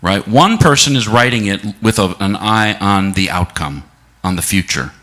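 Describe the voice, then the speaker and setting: Preaching to his congregation, this middle-aged man takes his time, reflecting aloud, posing rhetorical questions, and slowing for emphasis. His fairly low-pitched voice is animated, with a pushed, bright quality.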